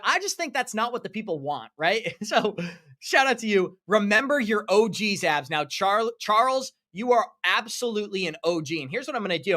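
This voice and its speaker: Upbeat male live-stream host, bright and high-pitched, effusive and chatty. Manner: upbeat, effusive, thanking viewers by name. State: running out of breath. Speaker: crypto livestream host. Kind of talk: live stream chat, reading donations.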